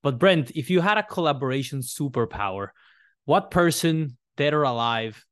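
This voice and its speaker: A man's voice: medium pitch, animated, normal speed, fairly bright tone, no room sound, clean studio sound. A man hosting a podcast interview, musing reflectively before posing questions to his guest. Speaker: podcast host.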